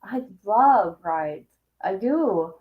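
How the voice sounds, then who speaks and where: A woman's voice: medium pitch, lively intonation, very slow, narrow, tinny audio, slight background noise. A young woman chatting casually, reacting with frequent giggles and exclamations. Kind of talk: casual chat.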